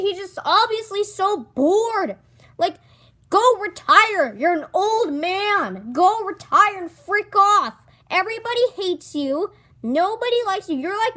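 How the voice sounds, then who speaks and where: High-voiced teen girl ranting. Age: teens. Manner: exasperated, sarcastic, mimics others in low mocking voices. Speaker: student ranting. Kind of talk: casual ranting vlog.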